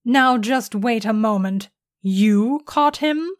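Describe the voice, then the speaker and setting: Woman putting on a stubborn alchemist man, growly, a bit higher than her own voice. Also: takes it slowly, no room sound, studio quality. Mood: defiant. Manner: defiant, growling, yelling. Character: proud grumpy male alchemist, middle-aged.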